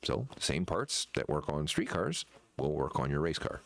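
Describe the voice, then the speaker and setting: A man who runs a shop, chatting casually in a rambling, halting way with many fillers and restarts. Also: a bass voice, sing-song, vocal fry, a bit bright. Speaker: shop owner presenting merchandise. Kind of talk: casual chat.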